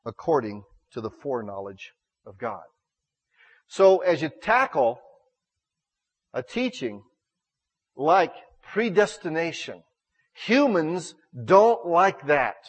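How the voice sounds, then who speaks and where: A man's voice: on the high side, big pitch swings, slow, long pauses, breathy edge, big-room sound. A middle-aged male pastor preaching a sermon in a church, folksy and jokey, acting out little quoted exchanges.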